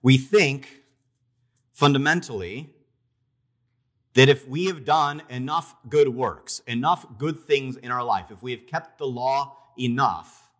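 A man preaching a sermon, retelling a parable in a conversational, storytelling way, with emphatic pauses and restarts. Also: medium pitch, fairly bright tone. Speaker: pastor.

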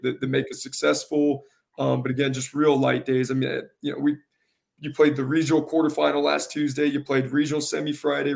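In a relaxed interview, this man, who coaches high school soccer, has a gravelly voice that carries. His delivery is earnest and halting, with words often repeated.

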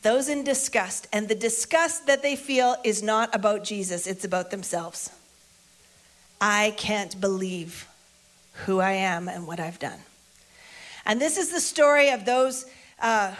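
A woman's voice: fairly high pitch, a bit bright. A woman preacher retelling a Bible story in a casual, conversational sermon, repeating lines for emphasis.

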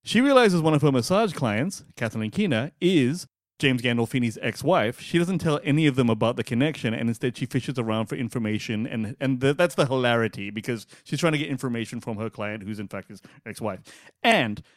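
A man's voice: medium pitch, a little fast, dry recording, studio quality. A man co-hosting a podcast, chatting casually, swearing and laughing as he tells stories. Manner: swearing, laughing, animated storytelling. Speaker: podcast co-host. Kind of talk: casual chat.

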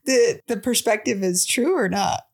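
Woman with a higher voice, probing and laughing. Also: moderate pace, creaky, darkish tone. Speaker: podcast co-host. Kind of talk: casual conversation with her husband.

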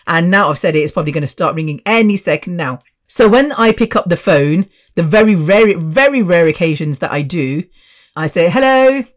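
A woman in her fifties hosting her own podcast, chatty and rambling with asides. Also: on the low side. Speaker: podcast host. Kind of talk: casual solo podcast chat.

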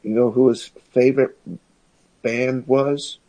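A man co-hosting a casual chat from his sister's kitchen table, speaking haltingly with many restarts. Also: medium pitch, flat delivery, warm tone, poor audio. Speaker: podcast co-host.

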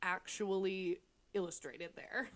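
A woman co-hosting a podcast in casual chat, joking with dark humor and laughing often. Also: mid-range voice, slow pace. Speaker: podcast co-host.

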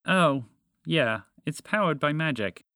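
A man's voice: a little high, lively intonation, slow pace, bright, forceful tone, no room sound, studio quality, pitched above the performer's own voice, full character voice. A man voicing a female spaceship with a mechanical voice, cheerful and apologetic, in a storybook reading. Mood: breezy.

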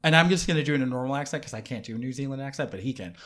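A man in his forties co-hosting a podcast in casual chat, playful and punning and quick to laugh. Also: medium pitch, a bit bright. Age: 40s. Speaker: podcast co-host.

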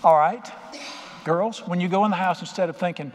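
A man's voice: sits high, brisk. An older man preaching a sermon as pastor, folksy and conversational, acting out quotes in plain voices. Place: church sanctuary. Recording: reverberant hall with faint ambience.

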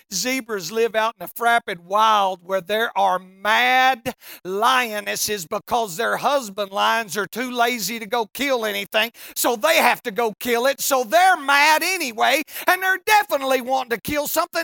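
A preacher telling a funny story in a sermon, folksy and animated, now and then breaking into shouts. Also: medium pitch, vocal fry, dry recording, clean studio sound.

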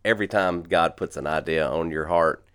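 A man who works on a church staff, talking in a calm, measured and reflective way in a casual conversation. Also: low-pitched, clean tone.

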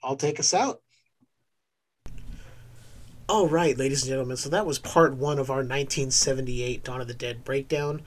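A man hosting a podcast, chatting loosely, laughing often, then reading off the show's links and plugs in a steady run. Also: medium pitch, normal speed, pauses often, poor audio. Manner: relaxed, laughs often, lists links in a steady promo read. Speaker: podcast host. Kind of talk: casual chat and show outro.

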